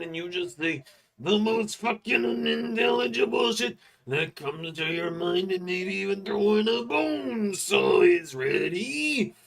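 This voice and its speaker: A man's voice: vocal fry, a bit bright, heavily acted. A man doing a strained clenched-teeth wrestling promo growl. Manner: strained, grunting, low-volume growl.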